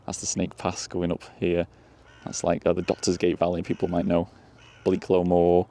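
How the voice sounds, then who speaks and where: This man's low, mellow voice stays completely flat as he talks at a moderate pace. He's a walking tour vlogger offering casual, rambling commentary with chuckles while crossing outdoor countryside fields and lanes.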